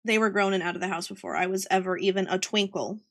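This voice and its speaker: A woman's voice: medium pitch, quick pace. A young woman from Georgia with a light Southern accent, chatting and giggling as she tells rambling family stories on a stream. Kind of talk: casual storytelling while drawing.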